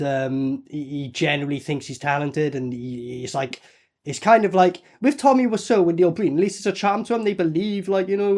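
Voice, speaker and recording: A man's voice: a little high, a little mellow. A man reviewing a movie in sarcastic, mocking commentary full of swearing. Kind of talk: profane commentary over film clips.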